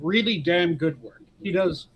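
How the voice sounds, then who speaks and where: A man with a slightly high voice chats on a podcast. He is blunt and terse and mostly answers with short agreements. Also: a little slow, slightly rough, highs cut off. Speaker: podcast co-host. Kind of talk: casual chat.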